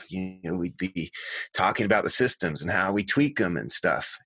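Middle-aged man, interview guest; earnest, lively storyteller with a low, forceful voice and a dry, close sound. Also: no room sound. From United States. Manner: earnest, animated, self-correcting. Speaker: guest, water harvesting designer and author. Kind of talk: conversational storytelling.

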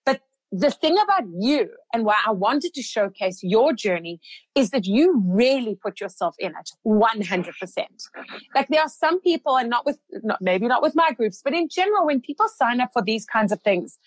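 A woman's voice: fairly high pitch, very animated, moderate pace, no echo, poor audio. A woman hosting an interview as a coach, talking in an affirming, encouraging way. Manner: affirming, encouraging, full of backchannels. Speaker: host and coach running a group program for mothers. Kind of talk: conversational podcast interview.

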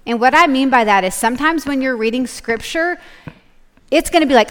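A woman's voice: sits high, brisk, fairly bright tone. A woman giving a live Bible study talk to an audience. She speaks casually, laughs often and keeps checking in with "okay?". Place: large hall with a live audience. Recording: echoey hall.

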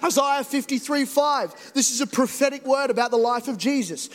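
Young male pastor, high voice, jokey then fervent sermon, long church-hall reverb. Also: moderate pace. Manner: animated, joking, rising to emphatic exhortation. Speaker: preacher. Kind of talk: energetic sermon.

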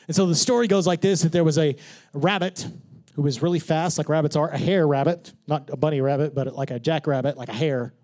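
A man preaching a sermon in church, joking with the congregation and swinging from hushed whispers to shouts. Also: a little high, steady tone, fairly quick. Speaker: pastor.

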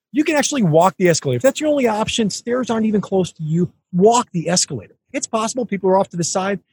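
A man hosting a podcast, giving an emphatic, coaching monologue straight to the listener. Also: breathy edge. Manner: energetic with big swings in pitch. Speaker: podcast host.

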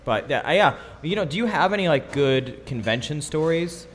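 A man's voice: fairly high pitch, normal speed. A man, a co-host and musician, telling a tour story in casual chat, rambling and restarting as he goes, on a live podcast in a coffee shop. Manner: rambling, many restarts and fillers, animated storytelling.

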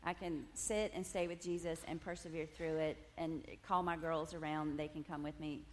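Woman, testimony talk, animated storytelling, lowish voice, faint room hum. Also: moderate pace. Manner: animated storytelling with laughs and "y'all". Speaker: women's ministry speaker. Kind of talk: personal testimony talk to a group. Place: meeting room with tables.

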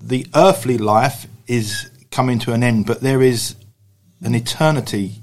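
A man of middle pitch hosts a relaxed conversation about belief. He speaks earnestly, often doubling his words as he works through a thought. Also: measured pace. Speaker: host. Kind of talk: conversational faith discussion.

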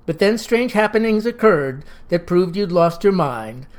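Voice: mid-range voice, lively intonation, measured pace, close to an everyday voice. A narrator voicing an earnest young woman of about nineteen, reciting in a sing-song way.

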